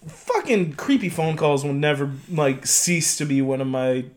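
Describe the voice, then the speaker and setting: A man's voice: a little high, expressive, measured pace. Chatty, laughing male podcast co-host. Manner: chatty, laughs often, swears casually. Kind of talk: casual film discussion.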